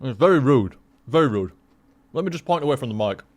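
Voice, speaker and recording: A man's voice: mid-range voice, expressive, brisk. A young man chatting casually to his stream viewers, rambling and swearing with lots of restarts.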